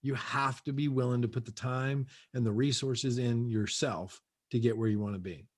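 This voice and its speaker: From his home, a man gives a punchy motivational talk over video call as a guest real estate coach, repeating his points often. His voice sits at medium pitch, with fairly even intonation and a moderate pace.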